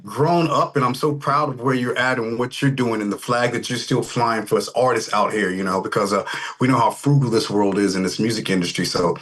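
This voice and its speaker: A man's voice: mid-range voice, a little fast, a bit bright, breathy edge. Easygoing middle-aged man on a video call. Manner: easygoing, rambling storyteller with many fillers. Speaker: rock band lead vocalist. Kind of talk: casual interview chat.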